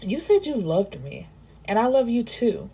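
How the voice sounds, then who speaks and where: A woman's voice: fairly high pitch, very animated, unhurried, dark tone, breathy edge, pitched above the performer's own voice, heavily acted. A woman voicing a remorseful young man pleading with the woman he loves, in a book recap. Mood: anguished. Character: heartbroken guilt-ridden young man.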